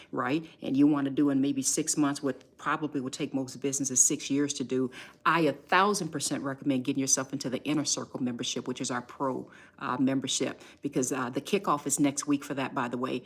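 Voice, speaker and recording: A woman business coach hosting a live stream, pitching her community in an emphatic, emotional way and speaking straight to her viewers. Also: breathy edge.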